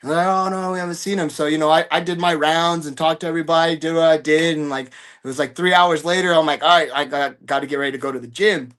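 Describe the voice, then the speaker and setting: A man's voice: fairly high pitch, steady tone, quick pace, a bit bright. A man talking casually as an interview guest, rambling and swearing, with lots of fillers. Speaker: guest fighter.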